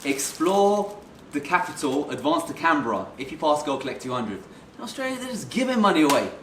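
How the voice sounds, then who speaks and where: A man's voice: a little high, sing-song, fairly quick, fairly bright tone. A man co-hosting a casual unboxing chat, playful and teasing. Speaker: co-host. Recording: echoey room, mic at a distance, noisy.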